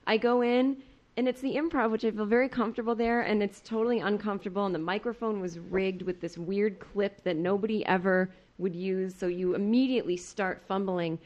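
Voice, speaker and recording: A woman's voice: mid-range voice, steady tone, fairly quick, dull audio. A woman comedian on a podcast, telling a story in a casual way and acting out the people she quotes. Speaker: comedian guest.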